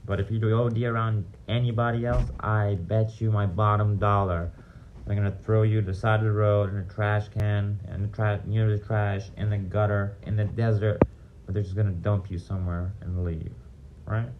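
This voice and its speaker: A man's voice: lowish voice, level tone, moderate pace, narrow, tinny audio, slight background noise. A man casually telling blunt, profane stories from his past, rambling with side remarks. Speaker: vlogger sharing recovery stories. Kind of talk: casual storytelling monologue.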